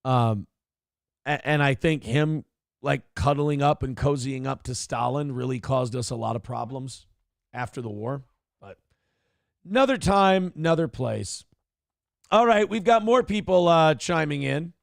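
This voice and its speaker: A man's voice: medium pitch, lively intonation, unhurried, gravelly, dry recording, studio quality. A man hosting a casual livestream morning talk show, rambling, profane and opinionated as he reads out donations and riffs.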